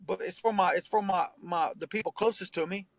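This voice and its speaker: A man's voice: sits high, steady tone, brisk, gravelly, no room sound, low-quality recording. A man talking as a rapper and tattoo artist in an interview, earnest and emphatic, swearing freely and ending phrases with "man" and "bro". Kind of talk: candid interview talk.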